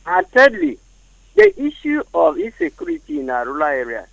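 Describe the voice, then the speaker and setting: A Nigerian man calls in over a dull, dry phone line, his high, gravelly voice leaping all over the range. He speaks formally but haltingly, often restarting words. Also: wildly swooping pitch, a bit bright, no echo. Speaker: phone-in caller. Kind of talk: call-in opinion.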